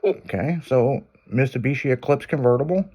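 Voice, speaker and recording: A man's voice: medium pitch, normal speed, warm tone. A man hosting a radio show, telling a long crude story in loose casual talk.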